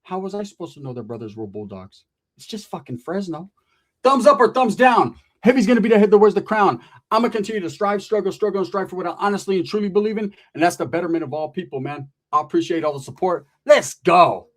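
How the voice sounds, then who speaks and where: Quick and high-pitched, this man delivers a funny storytime monologue full of swearing and slang, animatedly performing each character he quotes.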